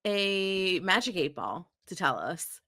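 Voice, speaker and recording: A woman co-hosting a podcast in casual chat, unhurried and trailing off into fillers. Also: on the low side, big pitch swings, sharp tone, no echo, clean studio sound. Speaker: podcast co-host.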